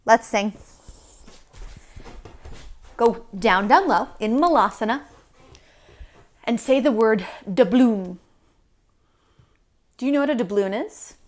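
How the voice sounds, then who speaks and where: Lady kids yoga teacher, kinda high voice, talks real slow and gentle, cheering the little ones on. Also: lively intonation. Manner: gentle, encouraging, speaks to young children. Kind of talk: children's yoga class with sing-alongs.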